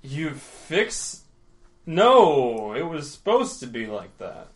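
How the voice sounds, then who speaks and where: Guy doing a sloppy drunk lady, slurring, pitch bouncing all over, slow and sulky. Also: sing-song. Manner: slurred, blustering threats.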